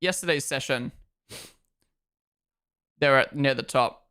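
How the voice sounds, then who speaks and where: A man's voice: mid-range voice, unhurried, sharp tone, smooth. A man hosting a live race watchalong, reacting aloud in casual commentary and greeting chat viewers by name. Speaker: livestream host.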